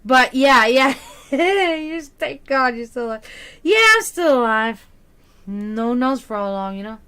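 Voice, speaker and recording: Young female streamer, high-pitched, loose and talky, frequent laughs and restarts. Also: animated, measured pace, sharp tone, clear, resonant tone. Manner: chatty, laughs often, many restarts. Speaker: livestream psychic reader. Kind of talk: casual chat with stream viewers.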